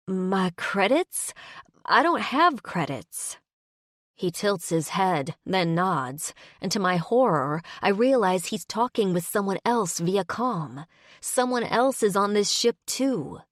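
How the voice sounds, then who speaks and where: Expressive woman reading an audiobook. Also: on the low side, no room sound, clean studio sound. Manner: expressive, dramatic inner monologue. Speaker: audiobook narrator. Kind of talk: first-person audiobook narration.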